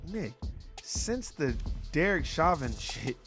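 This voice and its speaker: A man's voice: on the high side, slow pace, soft background music. Emphatic man in casual talk. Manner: blunt, emphatic, profane, animated. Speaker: podcast host. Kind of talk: casual conversation.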